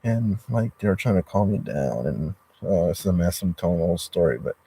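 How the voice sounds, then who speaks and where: A man's voice: sits low, expressive, fairly quick, vocal fry, dark tone, slightly rough, dry recording. A man sitting in a parked car during a livestream, reading chat comments and venting in a rambling, profane, frustrated way. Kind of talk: rambling live-stream chat. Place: inside a parked car in a driveway.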